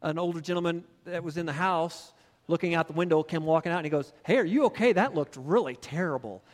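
A middle-aged male pastor with a notably high voice delivers a sermon, moving from a casual personal story into emphatic preaching. His words echo with the long reverb of a church sanctuary. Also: steady tone, fast.

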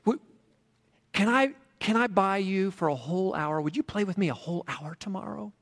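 A man playing a little boy with big eyes, speaking in a small, very high voice that begs and bubbles with eagerness. The sound rings out with a long reverb tail, as if in a large hall. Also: animated, normal speed. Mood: excited. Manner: pleading, eager. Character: timid excited little boy.

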